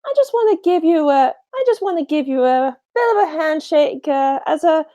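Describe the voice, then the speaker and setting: A woman's voice: high voice, animated, moderate pace, warm tone, muffled recording, voice pushed up. A woman voicing a small, nervous male wrestler who stammers and gets flustered.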